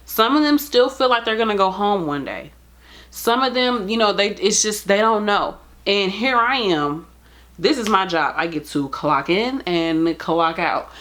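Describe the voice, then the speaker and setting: A nurse talking straight to camera, earnest and pleading in plain casual speech. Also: female voice, medium pitch, lively intonation, a little slow, a bit bright. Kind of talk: heartfelt direct-to-camera talk.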